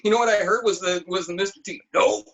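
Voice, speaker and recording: Bright, high-ish male guest, animated and swearing freely. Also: racing, lo-fi sound. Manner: animated, profane storytelling. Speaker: podcast guest. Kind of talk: casual chat.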